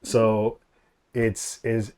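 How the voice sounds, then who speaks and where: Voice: medium pitch, monotone, drawn-out words, a little mellow, smooth. A game master running a tabletop game, often stopping and restarting his sentences mid-thought.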